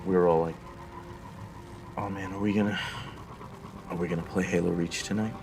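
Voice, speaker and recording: Young male streamer, very low voice, rambling and profane, game music behind. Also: steady tone, moderate pace. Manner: rambling, profane, mock-philosophical storytelling. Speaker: live streamer. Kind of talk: casual chat while gaming.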